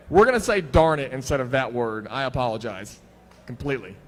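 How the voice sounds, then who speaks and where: A man's voice: medium pitch, sing-song, moderate pace, a bit bright. A young man hosting voice acting auditions at a convention panel on a handheld microphone, chatty and self-deprecating. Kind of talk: casual convention panel talk. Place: convention hall. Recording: echoey hall with faint crowd ambience.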